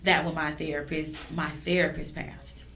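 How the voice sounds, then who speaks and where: A woman guest in a podcast conversation, speaking earnestly and affirmingly, jumping higher when she quotes herself. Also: little pitch movement, moderate pace, a bit bright. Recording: echoey room with faint noise.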